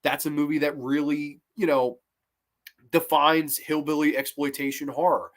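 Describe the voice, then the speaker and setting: A man giving a casual review of old horror films, excitable and swearing freely. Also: fairly high pitch, moderate pace.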